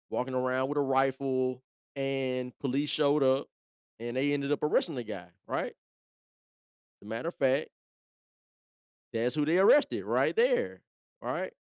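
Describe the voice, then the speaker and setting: A man's voice: mid-range voice, measured pace, pauses often, a little mellow, clear, resonant tone, dry recording, clean studio sound. A man hosting a live show, talking in a laid-back, chatty way and often repeating himself. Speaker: host. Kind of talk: casual live commentary.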